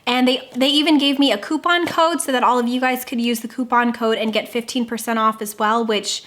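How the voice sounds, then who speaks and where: High-voiced gushing young woman vlogger. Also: brisk. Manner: gushing, excitable, with squeals and gasps. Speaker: book vlogger. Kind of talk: casual unboxing vlog.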